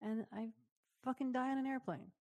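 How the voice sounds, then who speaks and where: A woman's voice: high-pitched, steady tone, normal speed, darkish tone, no echo. A woman co-hosting a radio talk show, speaking frankly and teasing her co-host, swearing casually. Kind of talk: casual on-air chat.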